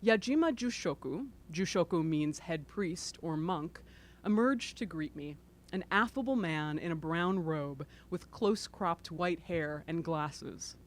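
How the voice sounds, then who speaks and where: Expressive woman reading from her book. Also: fairly low pitch, a little slow. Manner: expressive, self-deprecating asides. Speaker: author. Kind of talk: reading aloud from her book, then commentary. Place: bookstore event.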